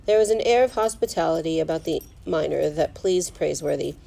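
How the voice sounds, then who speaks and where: A teacher reading a children's novel aloud at home, in steady storybook narration. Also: female voice, low voice, fairly quick, creaky, rough recording. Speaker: fourth grade teacher.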